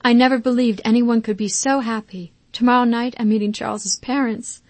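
A woman's voice: a little high, fairly even intonation, brisk, a little mellow, no room sound. A woman voicing a happy, newly engaged young daughter who talks eagerly and chats on the phone in an audiobook. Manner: eager and chatty. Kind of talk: audiobook character reading.

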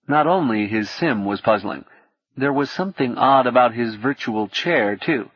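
Husky male audiobook narrator. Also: mid-range voice, normal speed, no room sound, lo-fi sound. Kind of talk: scripted narration.

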